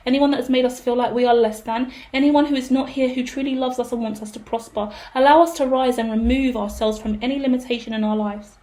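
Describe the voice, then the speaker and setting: A woman giving a tarot reading, blunt and profane with dramatic outbursts. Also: high-pitched. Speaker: tarot reader. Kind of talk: casual tarot reading monologue.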